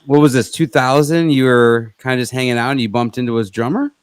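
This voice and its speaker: A man's voice: medium pitch, fairly quick, clean tone, no echo. A man hosting a podcast, chatting casually and with enthusiasm with his guest. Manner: enthusiastic, chatty, says dude. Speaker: podcast host.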